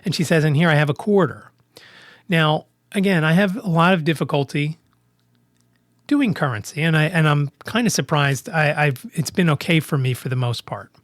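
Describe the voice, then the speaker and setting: A man's voice: fairly high pitch, normal speed, no room sound, studio quality. A man hosting his own podcast, telling a story in a casual monologue and acting out both sides of the dialogue. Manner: animated when quoting dialogue, frequent restarts. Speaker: podcast host.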